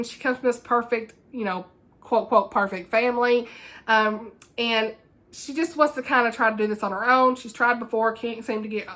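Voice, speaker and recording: A woman's voice: on the high side, a bit bright. A woman chatting casually about books she has read, gushing and giggly as she reviews them. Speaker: book vlogger. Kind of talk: casual book review chat.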